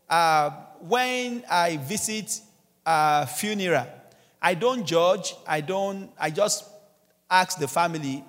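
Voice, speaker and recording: A man preaching a sermon as pastor in a church, urging his listeners with repeated exhortations. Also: sits high. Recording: long church reverb, faint music behind.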